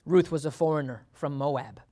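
A man's voice: moderate pace, dark tone. Man preaching a chatty Bible sermon. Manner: conversational, laughs often, acts out quotes with rising pitch.

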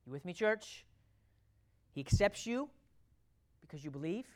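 A pastor preaching a sermon to a congregation, emphatic, asking rhetorical questions and swinging between loud and quiet delivery. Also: mid-range voice, animated, unhurried.

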